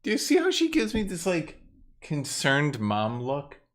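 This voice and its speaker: A man on a game stream talks to his cat in teasing baby talk. His pitch swings widely from line to line, and he stretches his words out slowly and playfully. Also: huge pitch swings. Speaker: gaming streamer. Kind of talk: casual chat to his cat while streaming.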